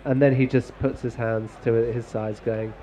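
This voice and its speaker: A man's voice: mid-range voice, little pitch movement, moderate pace, over a noisy crowd. A man co-commentating on cricket in a chatty, rambling way, telling anecdotes and reading out listener tweets.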